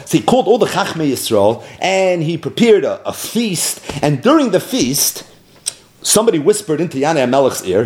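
A man teaching a Talmud class, explaining the text and retelling its story in an animated way. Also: medium pitch. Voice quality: animated, sometimes laughing as he explains.

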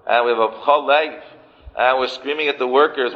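A man's voice: mid-range voice, fairly even intonation, moderate pace. A man giving a sermon as a rabbi. He repeats phrases for emphasis and mixes in Yiddish and Hebrew terms. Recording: muffled, with long hall reverb.

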